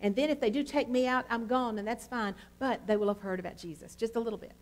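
A middle-aged woman pastor, telling a testimony in a sermon with a lot of fillers and animated storytelling. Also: on the high side, fast.

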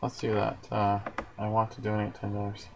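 A man's voice: on the low side, monotone, moderate pace, creaky, a little hiss or hum, low-quality recording. A man hosting a casual livestream, chatting in a rambling way and answering viewer comments as they come in. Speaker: livestream host.

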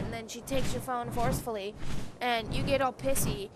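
A young woman gaming YouTuber gives casual, irritated commentary on her gameplay, ranting and swearing freely. Her voice is slightly high and a bit fast, and there is loud background noise.

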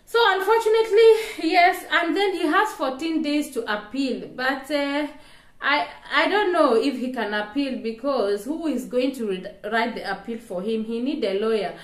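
A woman's voice: high-pitched, unhurried, reverberant. A woman vlogger commenting casually on a news story to her viewers, laughing often and breaking into exclamations.

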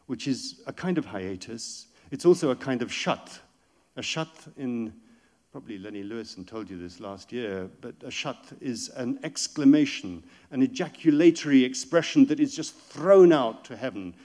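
A man's voice: medium pitch, lively intonation, normal speed, mellow. A man lecturing on poetry, explaining passages step by step and reading verse aloud with rising force.

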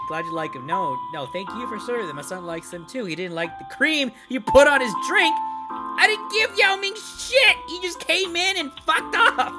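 A woman hosting a horror game let's play, talking loudly and excitably, swearing and laughing as she plays. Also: on the low side. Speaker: gaming video host. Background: game music.

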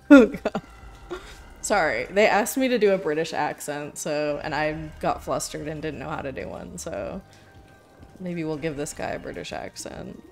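A young woman chatting on a game stream, giggly and easily flustered, her talk full of filler likes. Her voice is a little low for a woman, and faint music plays underneath. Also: animated, measured pace, creaky, pauses often. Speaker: variety streamer. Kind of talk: casual game-stream chat.

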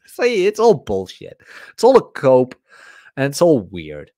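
A man's voice: mid-range voice, wildly swooping pitch, unhurried, warm tone, no echo, studio quality. A man hosting a podcast, talking in a casual, blunt and profane monologue. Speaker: podcast host.

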